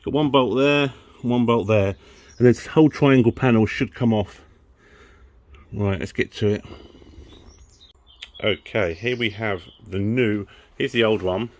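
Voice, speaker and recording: A car modding vlogger casually talks through a repair from under the car, camera close to his face, chatty and easily frustrated, swearing and laughing at himself. His lowish voice is a little mellow, with a measured pace and frequent pauses.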